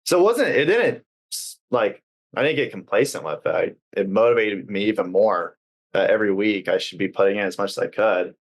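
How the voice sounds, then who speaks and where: Brisk and expressive, this young adult man's lowish voice comes through as he's interviewed on a podcast as a guest. He speaks earnestly and casually, with many uses of "like" and hesitant restarts.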